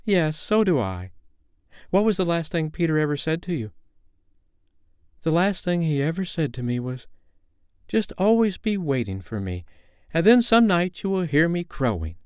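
Wistful grown-up mother, soft and tender, voiced by a man, storybook reading, lively lilt. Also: a little high, moderate pace, pauses often, clear, resonant tone, no room sound, clean studio sound, pitched above the performer's own voice.

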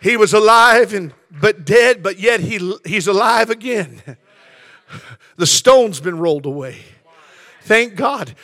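A man preaching a sermon as pastor, building from quiet reflection to passionate shouting with lots of repetition. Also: high-pitched, animated, slow pace, dry recording. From California.

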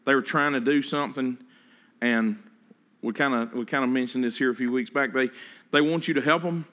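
A man's voice: mid-range voice, fairly even intonation, brisk, a bit bright, dull audio. A man preaching a sermon in a conversational way, often repeating words and acting out what people say. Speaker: pastor.

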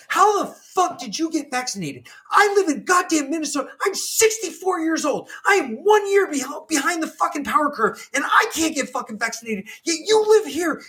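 A man voicing a furious 64-year-old woman customer who swears and shouts with a shrill, crying voice. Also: slightly rough, exaggerated voice. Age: 60s.

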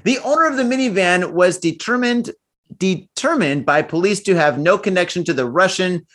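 Lively-pitched joking man co-host. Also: moderate pace. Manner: jokey, laughs often, puts on silly voices. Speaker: podcast co-host. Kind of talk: casual chat, reading news aloud.

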